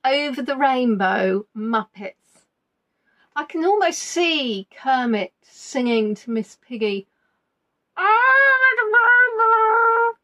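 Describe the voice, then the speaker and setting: Lady running a quiz, high voice, chatty and teasing, repeats the answers. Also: expressive, takes it slowly. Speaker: quiz host. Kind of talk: live online quiz chat.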